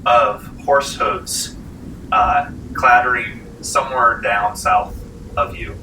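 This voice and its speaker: A man narrating a tabletop game as game master, lively and laughing often, recorded in a library meeting room. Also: medium pitch, slow pace. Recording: echoey room, mic far off, faint hiss.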